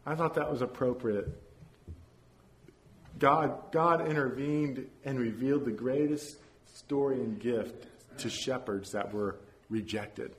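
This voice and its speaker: Brief: male pastor in a church, mid-pitched, earnest sermon delivery with repeated phrases. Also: takes it slowly. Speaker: preacher. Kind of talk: sermon with story reading and prayer.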